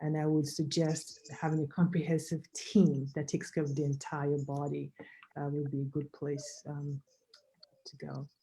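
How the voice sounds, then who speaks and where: A woman with a low, mellow voice speaks as a doctor on a video-call panel. She explains things patiently, pausing on fillers and restarting her sentences as she goes. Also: completely flat delivery, low-quality recording. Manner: measured, explanatory, with frequent fillers. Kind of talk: panel discussion answer.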